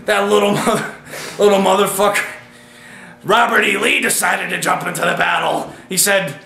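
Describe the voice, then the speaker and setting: A high, gravelly male voice with a tense, cutting edge, telling a comic brag in a brash, blustering way that keeps breaking into shouts. The sound is roomy and echoey. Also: flat delivery, normal speed. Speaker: comedy character host of a self-defense segment. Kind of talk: comic boastful monologue.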